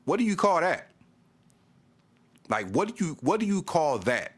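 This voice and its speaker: A man's voice: a little high, big pitch swings, unhurried. Exasperated man ranting about basketball. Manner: exasperated, repeats himself, stammers on restarts. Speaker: sports vlogger. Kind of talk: ranting fan commentary to camera.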